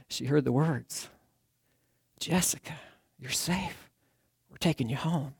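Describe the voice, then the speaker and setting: A man preaching a sermon, telling a rescue story in an earnest storytelling way that sinks to a hush at the tense moments. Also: a little high, no room sound, clean studio sound. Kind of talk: sermon illustration told as a dramatic story.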